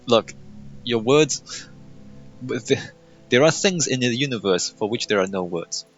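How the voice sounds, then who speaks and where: A man's voice: mid-range voice, animated, a little slow. A young man in casual gameplay commentary, sarcastic and mocking as he reads game dialogue aloud. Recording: muffled lo-fi mic over faint game music.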